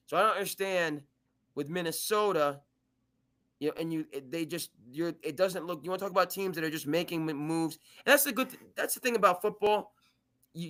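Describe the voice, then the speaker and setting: Sports talk host, male, high and bright voice, animated debater who restarts his sentences a lot. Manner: animated, restarts and stammers often. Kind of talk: live sports debate chat.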